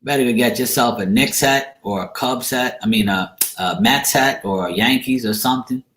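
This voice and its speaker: A man tells a loose, rambling story at an ordinary pitch, often starting over. He talks casually and laughs now and then. The room around him is echoey. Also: moderate pace, a bit bright, slight background noise. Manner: rambling, repeats and restarts, laughs while telling. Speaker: channel host. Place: room in a home.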